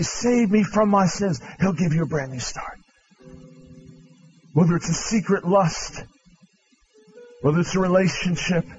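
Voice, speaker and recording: Male revival preacher with a high voice, pleading and proclaiming in turn; dull live church recording. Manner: impassioned, swinging from loud proclaiming to hushed pleading. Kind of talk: revival altar-call sermon. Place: large church with balcony.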